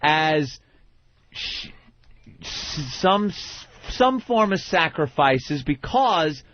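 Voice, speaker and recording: A man's voice: a little high, very animated, drawn-out words, a little hiss or hum. A male radio host talking with a guest, thinking things through in an earnest, questioning way. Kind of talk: radio show talk. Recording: lo-fi radio broadcast.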